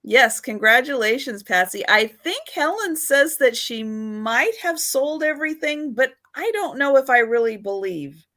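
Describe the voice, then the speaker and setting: A woman's voice: high-pitched, expressive, unhurried, hardly any pauses, pushed and bright, no echo. A woman hosting a live vintage sale, chatting easily, laughing often and counting down the sales. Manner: easygoing, laughs often, runs the auction countdown. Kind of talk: casual chat.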